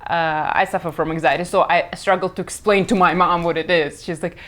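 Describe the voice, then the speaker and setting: A woman's voice: on the low side, fairly even intonation, a little fast, a bit bright. A young woman with a Russian accent whose first language is Russian, chatting casually about her work in a rambling, frank way that keeps correcting itself. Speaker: comic creator. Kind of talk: casual chat.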